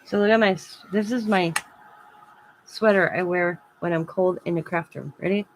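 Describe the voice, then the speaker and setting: A woman talks in a relaxed, rambling way while she crafts at home, laughing easily between thoughts. Her voice sits a little low, and there is faint noise in the background. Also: normal speed, poor audio. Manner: rambling and chatty, often laughing. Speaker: craft channel host. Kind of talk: casual livestream chat while crafting.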